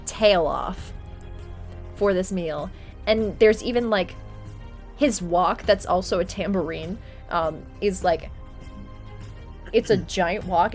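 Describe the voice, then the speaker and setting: A young woman narrating a tabletop game as game master, relaxed, with frequent ums and laughs. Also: medium pitch.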